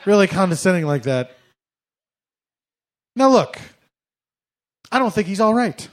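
A comedian with a high, bouncy voice that swings widely up and down. He delivers a sarcastic, mock-formal monologue and laughs through his lines, with a faint hiss behind him. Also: very animated, unhurried. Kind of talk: comic monologue.

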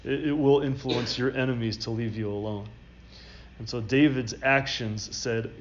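A man's voice: mid-range voice, steady tone, moderate pace, highs cut off. A man preaching a sermon, explaining a Bible passage and reading scripture aloud with rising emphasis. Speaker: pastor. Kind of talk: expository sermon.

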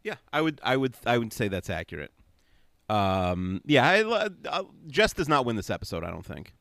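Guy cohosting a podcast, talks fast, gravelly voice, swoops around a lot. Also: medium pitch, very animated, a bit bright, no room sound. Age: adult, past young-viewer age. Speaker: podcast co-host. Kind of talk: casual chat.

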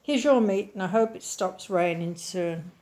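A woman's voice: mid-range voice, a little slow, a little mellow, lightly acted. A woman reading the part of a bemused male butcher in a children's story, speaking in a patronising, humouring tone.

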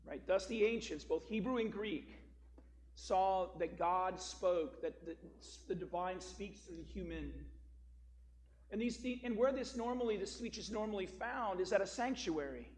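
A man's voice: sits high, a little slow, a little mellow, a little hiss or hum. A man preaching a sermon as a pastor, telling a story and then explaining scripture with emphatic, rising stress on key words.

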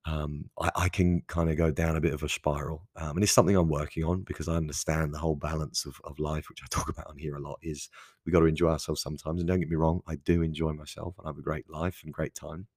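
A man's voice: darkish tone, dry recording, studio quality. A man hosting a solo podcast, talking candidly and conversationally with frequent restarts and asides. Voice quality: gravelly, husky low voice. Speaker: podcast host. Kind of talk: casual solo podcast monologue.

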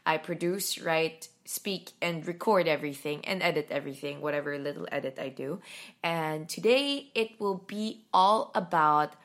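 A woman's voice: low voice, moderate pace, fairly bright tone. A young Filipino woman with a Filipino accent, hosting her own solo podcast at home in a groggy morning voice, talking candidly and rambling with self-deprecating asides. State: groggy morning voice after little sleep. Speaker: podcast host.

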